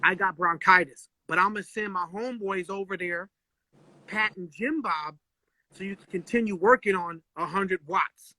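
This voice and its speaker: A man voicing an easygoing adult male rapper friend who is sick, talking in relaxed slang. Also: sits high, moderate pace, no room sound, exaggerated voice, rough recording. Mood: reassuring.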